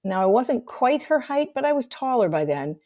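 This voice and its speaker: An older woman hosting a talk show, telling her own childhood story in a candid, measured way and dropping to a soft hush on painful memories. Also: fairly high pitch, very animated. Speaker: host sharing her story. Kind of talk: personal storytelling, reflective monologue.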